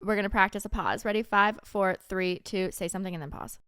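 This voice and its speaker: A woman co-hosting a casual chat podcast, talking fast with quick asides and frequent laughs. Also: mid-range voice, fairly bright tone, smooth, dry recording, studio quality. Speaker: podcast co-host.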